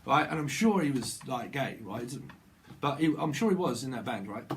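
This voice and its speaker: A man's voice: mid-range voice, animated, normal speed, slight background noise. A man with a British accent, a tarot reader vlogging in a rambling, free-associating way, repeating words over and over. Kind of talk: rambling channeled tarot vlog.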